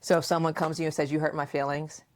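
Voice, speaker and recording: A woman hosting a casual podcast chat, asking questions and acting out remembered dialogue in a playful, animated way. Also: sits low, rapid-fire. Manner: frequent laughter and questioning. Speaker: podcast host and mother.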